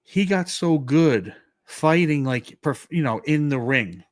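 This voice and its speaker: Slowly and in a somewhat high voice, a man from New York co-hosting a podcast tells a story with animation. He acts out the dialogue and says "like" often, and the recording is dry.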